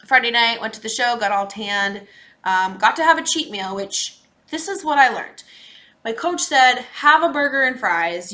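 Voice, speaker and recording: A woman from Minnesota, a podcast host, telling a casual and animated personal story with laughs and asides. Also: mid-range voice.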